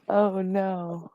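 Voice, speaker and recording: Slow-talking giggly woman, dry sound. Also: mid-range voice, no room sound, dull audio. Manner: giggly, teasing. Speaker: live stream host. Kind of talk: casual live chat.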